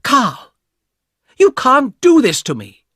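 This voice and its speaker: A man voicing a frightened young woman who pleads with her brother in a high, strained voice. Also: wildly swooping pitch, slow, a bit bright, breathy edge, no echo, clean studio sound, exaggerated voice. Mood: angry.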